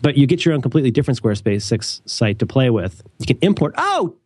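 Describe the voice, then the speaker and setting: A middle-aged man co-hosting a podcast and reading an ad in a jokey, rambling, animated way. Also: fast talker, slightly rough, no room sound. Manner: animated, rambling, jokey, with sudden high leaps. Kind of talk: casual podcast chat.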